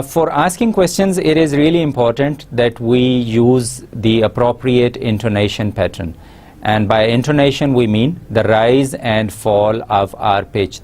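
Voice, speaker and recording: A man giving a recorded university lesson, explaining slowly with many pauses and fillers. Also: medium pitch, a little mellow. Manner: slow, explanatory, frequent uh fillers. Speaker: English lecturer.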